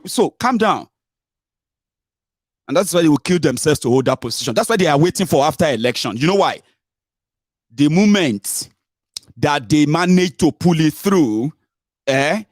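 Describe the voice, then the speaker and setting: A man's voice: a little high, dry recording. Nigerian man, political commentary, emphatic, mocking, rhetorical questions, dry close sound. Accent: Nigerian, mixing Pidgin and Yoruba. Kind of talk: opinionated political monologue.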